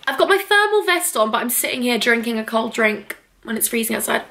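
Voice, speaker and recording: A woman's voice: on the high side, very animated, brisk, a bit bright. A young woman from England in her twenties, chatting casually to a handheld vlog camera at home, bubbly, rambling and self-mocking. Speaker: vlogger. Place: home, indoors.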